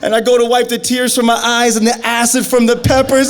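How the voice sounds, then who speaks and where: A young adult man telling a personal story on stage, acting out the dialogue with big, animated swings that climb into high, excited shouts. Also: fairly quick, hardly any pauses.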